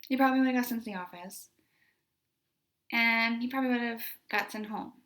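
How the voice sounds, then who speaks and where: A woman's voice: on the high side, a little fast, fairly bright tone. Chatty young woman telling a story. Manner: conversational, many fillers like "like" and "you know". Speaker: special education teacher. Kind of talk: casual storytelling monologue.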